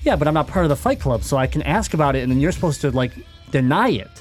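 A man hosting a podcast, joking around quickly and reading out show info. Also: a little high, lively intonation, soft background music. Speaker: podcast host. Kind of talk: casual podcast banter.

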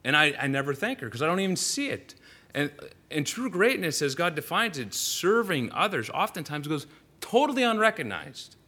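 A man's voice: fairly high pitch, sing-song, fairly quick, bright, forceful tone. A male pastor giving a sermon in a church, telling stories animatedly with frequent "uh" fillers and restarts.

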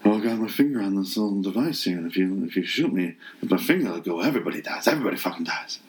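A man's voice: expressive, racing. A man mocking a whispery drawling action hero. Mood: menacing. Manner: low whispering drawl, menacing. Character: whispery male action-movie tough guy with a southern drawl.

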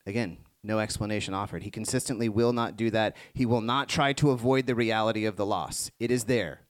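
A man preaching a sermon to a congregation, moving between hushed reflective passages and rising emphatic ones. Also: lowish voice, brisk, hardly any pauses. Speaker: pastor.

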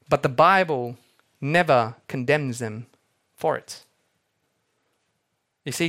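A young man delivers a sermon in a voice pitched a little high for a man. He tells the story in an animated way and briefly acts out each of the people he quotes. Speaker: pastor.

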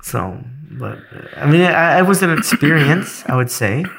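A man's voice: on the high side, animated, normal speed, vocal fry, a bit bright. A middle-aged man in casual chat, teasing and swearing as he tells stories. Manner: profane, storytelling, teasing.

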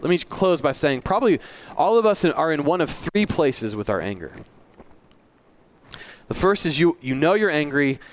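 A male pastor giving a sermon in a church, earnest and conversational, with self-deprecating asides. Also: a little high.

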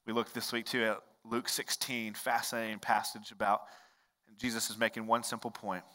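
A male pastor preaching a sermon in a conversational storytelling way, dropping to hushed lines and rising to loud, emphatic ones. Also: fairly low pitch, level tone, moderate pace. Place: large church hall. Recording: long reverb of a large hall.

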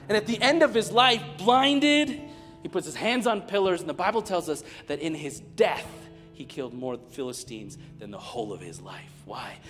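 A man in his thirties preaches a sermon in a large church hall, his voice fairly high for a man. He swings from loud, emphatic lines to hushed near-whispers and tells stories with humor. A long reverb hangs on every word, and a soft guitar plays underneath. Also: expressive, normal speed. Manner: storytelling with humor. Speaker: pastor.

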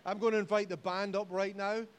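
A man with a Scottish accent preaching a sermon in church, jokey and animated, rising to loud exhortation. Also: high-pitched, fairly quick, smooth. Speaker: pastor. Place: church hall.

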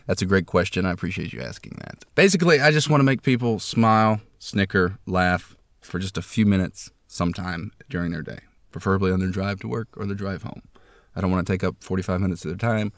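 A man's voice: low voice, quick pace, no echo, studio quality. A young man hosting a homemade comedy podcast from a closet, rambling in a mock-grandiose way with lots of fillers. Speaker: podcast host.

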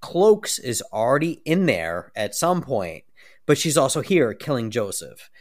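A man on a casual comics podcast, thinking aloud and musing. He often starts a sentence over or lets it trail off, in a voice of ordinary middle pitch. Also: very animated. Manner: halting, restarts sentences, trails off. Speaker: podcast co-host. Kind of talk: casual chat about comics.

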